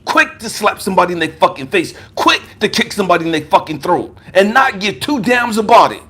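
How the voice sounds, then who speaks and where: A man's voice: high voice, very animated, brisk, fairly bright tone, slightly rough. A man, a life coach, giving an impassioned personal testimony in an emphatic, profane, raw and confrontational way. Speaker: life coach and motivational speaker.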